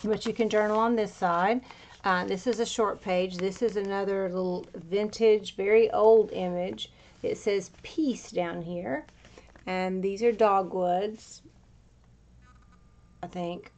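Speaking slowly and steadily, a crafter with a medium-pitched, darkish voice pages through her handmade journal. She's a bit breathless as she rambles casually with fillers.

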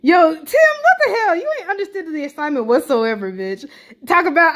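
Woman, game reaction commentary, swears a lot, slangy, high voice, swooping pitch. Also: normal speed. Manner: animated, laughing, swearing, slangy banter. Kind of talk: casual reaction commentary over a story game.

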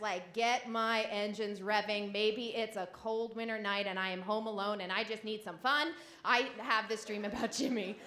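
A woman telling a frank, animated comic story on a live stage, often laughing through her lines. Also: high-pitched, echoey room.

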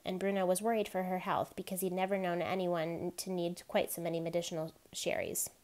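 A woman reading chapters of a novel aloud in a steady, even narration. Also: fairly low pitch, a little fast. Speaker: reader.

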